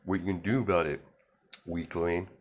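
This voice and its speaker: A man's voice: low voice, steady tone, normal speed. A man voicing a brash, boastful young boy who bullies other kids, told with dismissive bragging as part of a spoken story.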